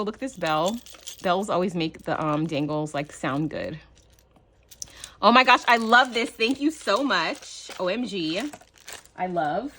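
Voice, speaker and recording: A woman hosts a casual craft unboxing vlog, gushing over every item she pulls out. Her pitch swings up and down as she talks. She speaks excitedly, with plenty of fillers along the way. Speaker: crafting channel host.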